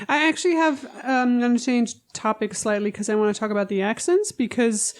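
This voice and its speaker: A woman co-host with a fairly high, smooth voice talks through ideas in casual podcast chat. She is analytical and eager, and she likes to unpack the fine details of how words are said. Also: expressive, fairly quick. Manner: analytical and enthusiastic, explains pronunciation details.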